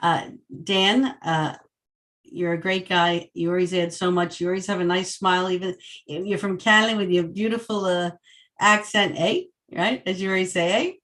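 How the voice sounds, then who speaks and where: A woman with a fairly low voice leads a video-call group. She speaks in a casual, encouraging way, with some filler as she picks her words. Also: fairly even intonation, moderate pace, a bit bright. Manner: friendly, encouraging. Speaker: group leader.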